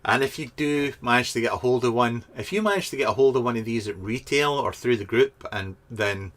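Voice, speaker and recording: A Scottish man with a mid-range, fairly bright voice speaks fairly quickly. He reviews vaping products in a casual live chat vlog from his garden shed, reading out viewer comments to a webcam, joking around, and often saying um or restarting.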